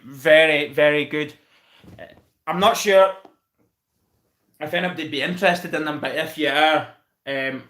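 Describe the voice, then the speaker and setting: Fairly high-pitched, bright and forceful, this man from Scotland runs a football review channel and hosts a casual live stream. In an echoey room he chats with viewers, thanking each by name and calling them mate.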